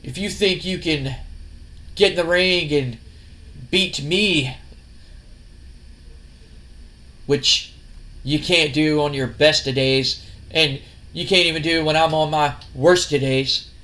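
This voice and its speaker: A man's voice: a little high, a little slow, bright, forceful tone. A man voicing a cocky, boastful male wrestler in a taunting manner while narrating a wrestling sim game. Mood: challenging. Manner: taunting, brash.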